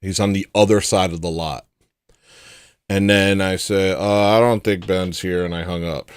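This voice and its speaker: A man's voice: low-pitched, fairly even intonation, normal speed, clear, resonant tone, no echo. A man hosting a livestream show, telling a personal story in a casual, rambling way with frequent restarts.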